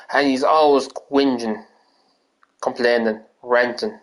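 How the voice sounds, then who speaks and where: A man's voice: medium pitch, normal speed, poor audio. An Irish man streaming games and ranting casually, rambling, swearing often and restarting his sentences. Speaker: gaming streamer.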